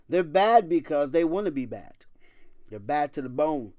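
A middle-aged man preaches a sermon, his mid-range voice swinging between hushed, whispered lines and loud, emphatic declarations. He repeats key phrases for emphasis and reads scripture in old-fashioned wording. The recording is dry, with almost no room sound. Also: medium pitch, very animated, unhurried, long pauses, no echo. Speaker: pastor.

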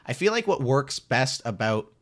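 A man's voice: mid-range voice, very animated, normal speed, a bit bright. A man co-hosting a podcast in casual chat, thinking aloud and repeating his phrases. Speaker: podcast co-host.

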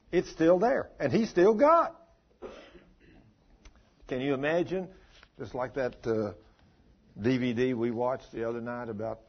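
A man's voice: medium pitch, slightly rough. A man preaching a sermon, telling stories with strong rises and falls in his voice. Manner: emphatic, rising and falling with storytelling. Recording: dull lo-fi recording.

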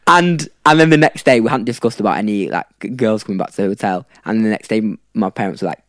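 A man's voice: fairly low pitch, fast, a bit bright, no echo, clean studio sound. A young man from South Africa, a podcast guest telling a rambling story in casual chat. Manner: rambling, with fillers and laughs.

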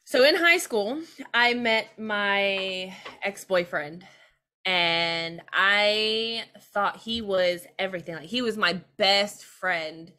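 A young woman appears as a podcast guest, speaking openly and earnestly about hard personal experiences and sometimes laughing as she talks. Her medium-pitched voice is slow-paced, pushed and bright, in a candid personal conversation.

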